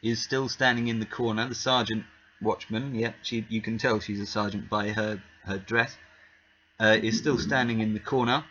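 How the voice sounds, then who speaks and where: A man's voice: fairly low pitch, steady tone, moderate pace, fairly bright tone, dull audio. A man narrating as game master in a casual, hesitant way with many restarts.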